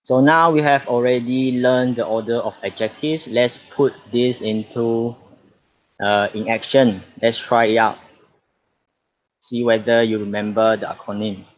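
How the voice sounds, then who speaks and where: Man, Malaysian accent, online English lesson, unhurried, patient, repeats key words, muffled lo-fi audio. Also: mid-range voice, steady tone. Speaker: English teacher. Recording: dull lo-fi audio.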